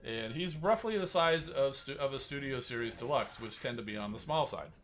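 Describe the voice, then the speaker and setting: A man's voice: medium pitch, expressive, fairly quick, a bit bright, soft background music. A man hosting a casual livestream, showing off collectible figures in a rambling style with many fillers and restarts. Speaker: toy collector and channel host. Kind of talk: casual livestream show-and-tell.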